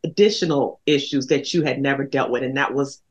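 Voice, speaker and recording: A woman's voice: extremely low pitch, brisk, a little mellow, lo-fi sound. A woman hosting an interview, asking engaged, probing follow-up questions. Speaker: talk show host, interviewer.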